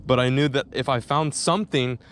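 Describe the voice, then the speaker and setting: A young man filming a fishing vlog on a riverbank, talking excitedly and stammering when a fish bites. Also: mid-range voice, brisk, a little hiss or hum. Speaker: fishing vlogger. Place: outdoors on a river bank.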